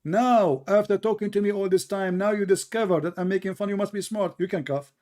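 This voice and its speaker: Brief: male debate host, sarcastic and combative, higher voice. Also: fairly quick, darkish tone. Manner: sarcastic, combative, non-native English. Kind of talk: mocking religious debate.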